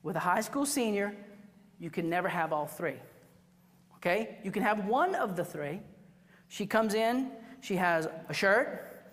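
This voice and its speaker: A woman's voice: mid-range voice, measured pace. Chatty woman teaching in a reverberant hall. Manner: animated, chatty, acts out quotes with asides to the class. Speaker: photography instructor. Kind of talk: workshop teaching to a live class.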